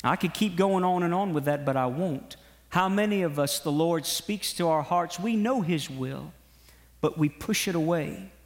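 High-voiced preacher in an echoing hall. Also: male voice, normal speed. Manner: animated storytelling with exhortation. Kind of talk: sermon. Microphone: broadcast to online viewers. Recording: long hall reverb.

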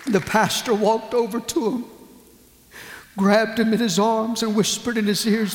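A man preaching a sermon as a pastor, telling a story slowly and with feeling, with dramatic pauses. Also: sits high, little pitch movement, a faint crowd. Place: church hall. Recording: echoey hall, long reverb.

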